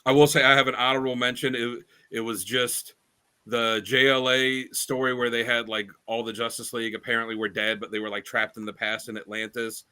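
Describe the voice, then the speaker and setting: A man's voice: medium pitch, flat delivery, fairly quick, pushed and bright, smooth. A man co-hosting a podcast, telling stories in a rambling casual chat with many fillers and restarts. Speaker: podcast co-host.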